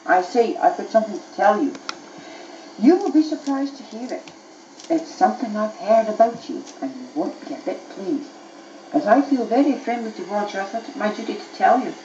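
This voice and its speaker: A woman's voice: mid-range voice, lively intonation, moderate pace, mellow, reverberant, lo-fi sound, slight background noise, natural voice. A woman voicing a scheming little male goblin who is a sly telltale, fussy and pleading, on an old cassette tape. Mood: wheedling.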